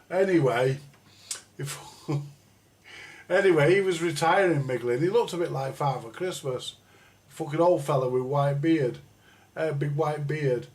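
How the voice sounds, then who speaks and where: A man's voice: fairly high pitch, unhurried, long pauses. A man hosting a live chat, telling a long, rambling, profanity-heavy story from his school days with many restarts and asides. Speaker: livestream host.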